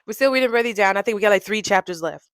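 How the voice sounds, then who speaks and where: A young adult woman hosts her own podcast in a casual chat, talking rapid-fire in a mid-range voice. The audio is clean studio sound with no room echo, and she is chatty, playful, and laughs a lot.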